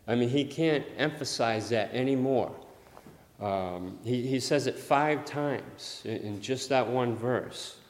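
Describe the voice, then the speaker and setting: A man delivering a sermon, halting and repeating words, with a louder voice whenever he quotes scripture. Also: mid-range voice. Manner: halting, repeats words often, swells in volume on quoted verses. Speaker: preacher. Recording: long hall reverb.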